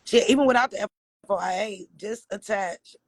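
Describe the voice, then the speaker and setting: A man from Michigan chats on a livestream in a raspy voice that sits high for a man. He answers viewers' questions bluntly, swears freely and laughs often. The sound is dry and close, with no room around it. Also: moderate pace, dry recording. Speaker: livestream host.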